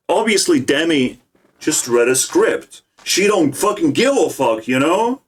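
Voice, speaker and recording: A man's voice: fairly high pitch, lively intonation, moderate pace. A young man ranting in agitated, profane reaction commentary on politics.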